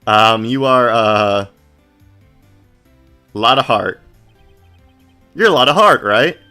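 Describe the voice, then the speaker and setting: Guy reading a flustered young lawyer, stammery, bright voice. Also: mid-range voice, lively intonation, takes it slowly, faint music behind. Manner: hesitant, stammering.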